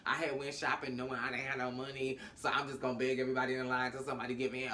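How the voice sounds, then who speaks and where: Woman, AAVE, casual TV recap, animated, slangy and cursing, acts out the characters, bright forceful tone. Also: very deep voice, rapid-fire, few pauses, a little hiss or hum. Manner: animated, acts out characters' lines in different voices; slangy and profane. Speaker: TV episode recap host.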